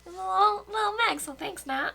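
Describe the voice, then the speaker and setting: A woman co-hosting a casual board game chat, friendly and quick to chime in with agreement. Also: extremely high pitch, creaky, bright, forceful tone, a little hiss or hum. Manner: friendly, lots of agreeing murmurs. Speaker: board game channel co-host.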